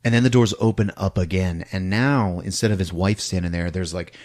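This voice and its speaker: A man casually recapping a horror film on a podcast, acting out shouts and sound effects and laughing as he goes. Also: deep voice, brisk, hardly any pauses. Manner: animated retelling with acted-out shouts and sound effects; laughs often while talking. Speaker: podcast host.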